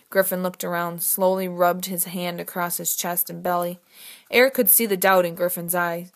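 Reading scripted narration of a novel, this woman speaks in a fairly low voice. She tells the story at a measured pace with plenty of expression.

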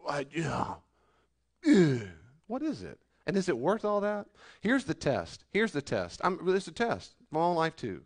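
Animated preaching man, slightly high voice. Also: moderate pace. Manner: animated preaching, mocking complainers in whiny voices; shifts between loud rebukes and quiet asides. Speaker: pastor. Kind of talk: sermon.

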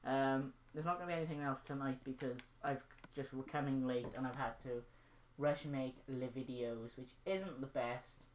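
This is casual gaming vlog commentary from a young female channel host, who rambles playfully and acts silly while she plays. She has a very deep voice, and there's slight background noise.

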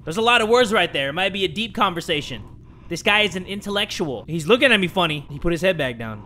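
Excitable young man, high bright voice. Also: fast, slight background noise. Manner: excitable, jokey, swings between hushed and shouting. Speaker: gaming commentator. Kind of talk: horror game let's play commentary.

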